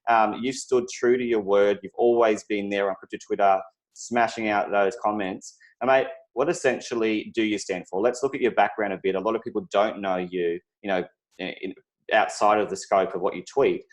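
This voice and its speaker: An Australian man hosting a casual interview, chatty and friendly, calling his guest "mate". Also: fairly low pitch. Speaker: interviewer, show host.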